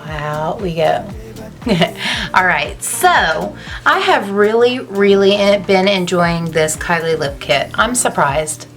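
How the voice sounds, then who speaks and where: A woman's voice: fairly low pitch, very animated, slow, faint music behind. A woman talking casually through her makeup in a rambling, gushing get-ready-with-me vlog. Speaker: beauty vlogger.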